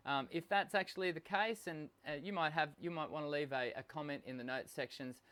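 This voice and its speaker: This voice coach, an Australian man, runs a live singing lesson while unwell, coughing from time to time. He sounds fairly high, bright and smooth, speaks a little fast, and chats casually with many fillers and restarts.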